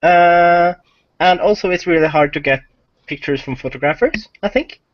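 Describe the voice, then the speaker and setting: A man's voice: sits high, moderate pace, no echo. Guy guest on a chatty podcast, laughs a lot, dull muffled audio. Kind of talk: casual interview chat.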